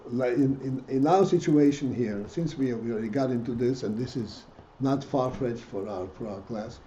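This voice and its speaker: A rabbi with a dark, mid-range voice teaches a Hasidic text class at normal speed, repeatedly stopping to restart and asking his students rhetorical questions. The room sounds dull and echoey, with a little noise.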